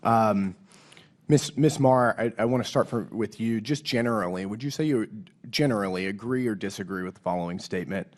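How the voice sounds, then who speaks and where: Hoarse guy grilling a witness at a hearing, lowish voice, blunt and pointed. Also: brisk. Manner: blunt, pointed questions, reads quotes aloud. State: hoarse from a cold. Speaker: lawmaker questioning a witness. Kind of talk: congressional hearing questioning. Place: hearing room.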